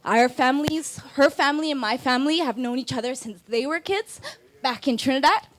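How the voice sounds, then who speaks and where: A woman's voice: sits high, a little fast. A young woman, the maid of honor, giving a casual, rambling, heartfelt wedding toast.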